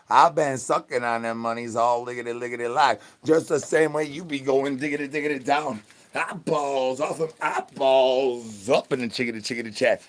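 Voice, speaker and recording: A man's voice: medium pitch, fairly bright tone. A young man talking into his phone on a live stream, rambling in a playful, sing-song way full of nonsense catchphrases.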